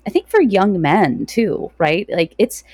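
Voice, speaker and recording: A woman podcast host responding in a warm, effusive and reflective way. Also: mid-range voice, big pitch swings, measured pace, no room sound, clean studio sound. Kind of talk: conversational interview.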